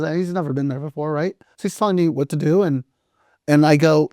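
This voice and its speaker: Animated middle-aged man telling stories. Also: fairly high pitch, fairly quick, dry recording, clean studio sound. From United States. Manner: animated storyteller acting out quoted dialogue, swears casually. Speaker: restaurant owner and guest. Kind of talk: casual storytelling interview.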